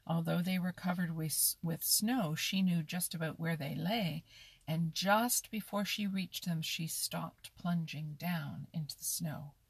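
Slow gravelly woman reading a storybook. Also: fairly low pitch, no echo. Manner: expressive, slow, lively storytelling. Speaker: narrator.

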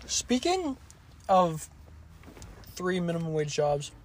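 A man's voice: on the high side, big pitch swings, slow. A man co-hosting a podcast, telling a long work story in casual, profane, rambling chat. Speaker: podcast co-host.

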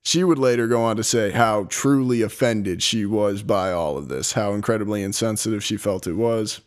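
A man's voice: on the low side, moderate pace. A young man hosting a podcast, casually telling a story from a script, swearing and joking in an apartment. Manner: profane, laughing, reads from a script. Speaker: podcast host. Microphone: laptop.

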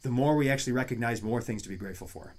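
A man's voice: mid-range voice, rapid-fire. A man in his thirties hosting a casual podcast, talking loosely with many restarts and asides. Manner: rambling, many restarts and "you know what I mean". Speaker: podcast host.

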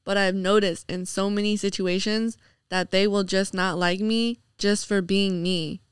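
A woman's voice: medium pitch, steady tone, a little slow, clean tone, no room sound, clean studio sound. A young woman chatting as a podcast guest, full of fillers, laughing often and slipping into mocking voices. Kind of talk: casual podcast chat.

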